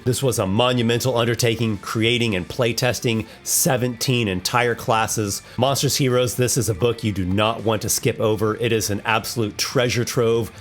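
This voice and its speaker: A man hosting a tabletop monster battle, narrating with enthusiasm and thinking aloud over the dice rolls. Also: mid-range voice. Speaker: host running a monster battle. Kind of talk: narrating a tabletop combat simulation.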